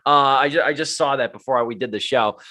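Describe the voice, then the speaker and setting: A man with a bright, forward voice co-hosts a casual movie podcast. He speaks as a film critic, rambling and animated, full of fillers and self-corrections as he works toward his point. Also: mid-range voice, brisk. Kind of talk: casual movie review chat.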